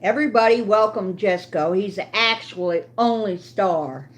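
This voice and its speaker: A woman's voice: mid-range voice, normal speed. Older woman chatting on a livestream. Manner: chatty, talks to viewers and her dog while cooking. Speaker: livestream host. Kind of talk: casual livestream chat.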